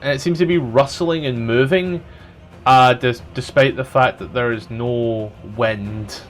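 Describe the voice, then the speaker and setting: A man's voice: mid-range voice, measured pace, faint music behind. A man running a tabletop game as dungeon master, talking casually and swearing freely as he checks rolls.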